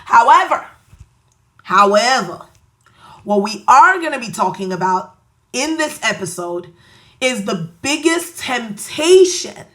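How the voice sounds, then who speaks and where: A woman's voice: on the high side, big pitch swings, unhurried. A woman with a Nigerian accent hosting a podcast, giving an emphatic, preachy motivational monologue with playful asides. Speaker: podcast host.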